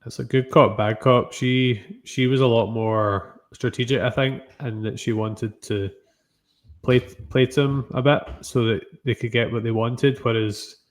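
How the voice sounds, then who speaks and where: A man's voice: medium pitch, steady tone. A man co-hosting a chat about a TV episode, offering careful, hedged readings. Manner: measured, analytical, hedging. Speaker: podcast co-host reviewing TV. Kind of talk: casual chat.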